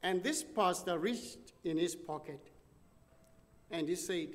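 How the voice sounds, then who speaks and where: A male preacher telling a story in a sermon, with animated, dramatic delivery. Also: fairly high pitch, measured pace. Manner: animated, dramatic storytelling with sudden drops and rises. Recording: long church reverb.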